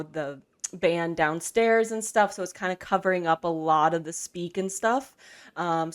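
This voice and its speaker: A woman running a tabletop game, narrating scenes in a casual, chatty way. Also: lowish voice. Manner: casual, chatty, laughs easily. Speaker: game master.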